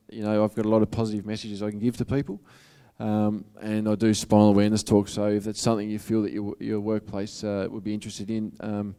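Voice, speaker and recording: A man with an Australian accent speaks as a motivational speaker in a casual, earnest way. His voice sits fairly low and sounds smooth and resonant. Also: a little mellow. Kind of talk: public talk to an audience.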